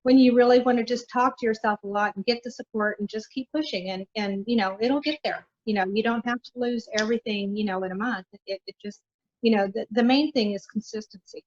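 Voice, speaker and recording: A woman's voice: a little high, brisk. Earnest woman guest, dull lo-fi sound. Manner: earnest, encouraging, many fillers. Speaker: podcast guest. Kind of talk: casual interview talk.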